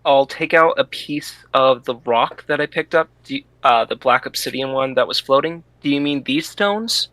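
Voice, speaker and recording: A man speaks as a player in a tabletop game, earnest and a little halting. His voice is bright and forceful, and the sound is dry and close. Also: medium pitch, no room sound, rough recording. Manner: earnest, hesitant, repeats words. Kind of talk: tabletop role-play.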